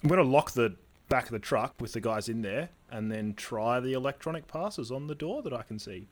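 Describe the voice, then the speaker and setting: A man's voice: medium pitch, expressive, a little fast. A man playing a tabletop game, joking and describing his moves eagerly. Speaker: player.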